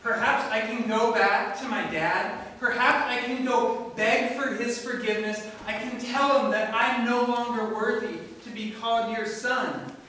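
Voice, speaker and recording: A man's voice: very high-pitched, a little slow, pushed and bright, far from the mic, a little hiss or hum, exaggerated voice. A man preacher voicing a desperate young son who pleads to return home, in an echoey room away from the mic. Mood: pleading. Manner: pleading, self-reproaching.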